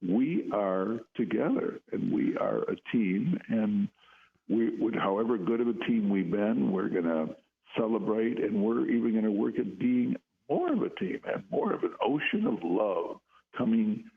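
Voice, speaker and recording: A man's voice: on the low side, animated, measured pace, vocal fry. Earnest older man on a phone line. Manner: earnest, repeats words when starting sentences. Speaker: psychologist guest. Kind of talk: radio chat.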